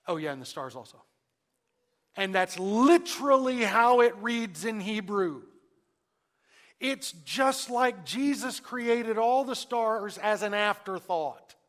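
Preacher with big swings in volume. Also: male voice, sits high, in a large hall. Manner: dramatic pauses, swings from loud emphasis to near-hushed lines; asks the congregation questions. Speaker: pastor. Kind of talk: sermon.

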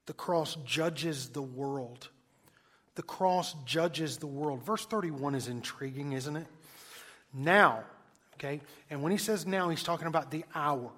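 A man preaching a sermon, emphatic and questioning the listeners, swinging between loud stresses and hushed lines. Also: fairly high pitch. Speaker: pastor.

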